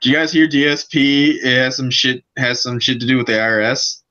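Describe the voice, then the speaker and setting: A man co-hosting a casual podcast, halting and repeating words as he talks. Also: medium pitch, fairly even intonation, sharp tone, highs cut off. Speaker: podcast co-host. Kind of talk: casual drunk podcast chat.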